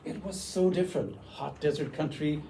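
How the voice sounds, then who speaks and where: An older man from Canada giving a conference workshop talk, an animated storyteller who acts out his younger self in quoted lines. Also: a little high, normal speed, vocal fry, slight background noise, poor audio. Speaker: workshop presenter. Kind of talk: conference talk with personal stories. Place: conference room.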